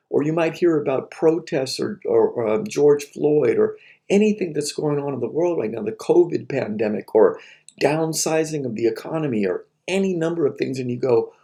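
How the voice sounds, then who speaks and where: Gravelly-voiced man teaching philosophy. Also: mid-range voice, animated, normal speed, dark tone. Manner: conversational, asks rhetorical questions, acts out frustrated voices. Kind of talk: recorded lecture.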